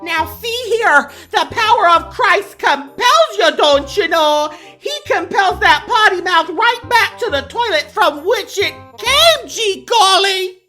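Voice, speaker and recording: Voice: very high-pitched, lively intonation, takes it slowly, hardly any pauses, pushed and bright, faint music behind, full character voice. A comedian voicing a prim, churchy middle-aged mom with a folksy Minnesotan accent, sing-song and prudish in a comedy sketch. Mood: frantic.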